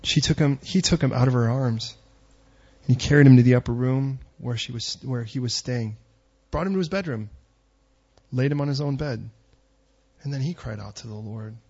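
A man's voice: mid-range voice, normal speed, gravelly, husky, muffled recording. A middle-aged man preaching a sermon, telling stories and rising to emphatic peaks. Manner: storytelling, rising to emphatic near-shouting peaks. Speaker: pastor.

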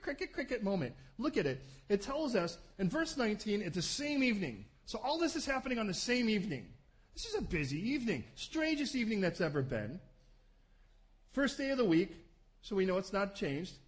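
A man preaching a sermon, animated, acting out scenes with voices. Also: very high-pitched. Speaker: pastor.

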